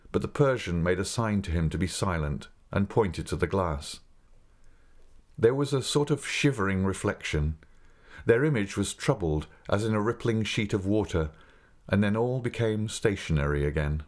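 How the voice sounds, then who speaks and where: A man with a very low voice reads a classic novel aloud as an audiobook. His narration is even and measured, unhurried between the lines of dialogue. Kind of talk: scripted narration.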